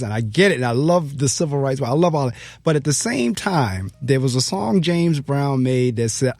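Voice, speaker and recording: A man's voice: a little high, no room sound. A man hosting a talk show, chatting and agreeing with his guest. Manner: agreeable, affirming. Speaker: host. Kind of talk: casual chat.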